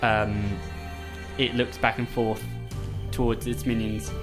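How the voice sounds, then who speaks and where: Slow, hesitant male game master. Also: medium pitch, little pitch movement, over music. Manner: unhurried, hesitant, many "um"s. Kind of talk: narrating a tabletop game.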